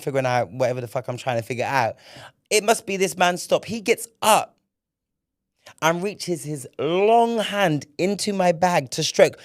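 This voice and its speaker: A young man hosting a solo podcast, telling a story in an animated, profane way. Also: on the high side. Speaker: podcast host.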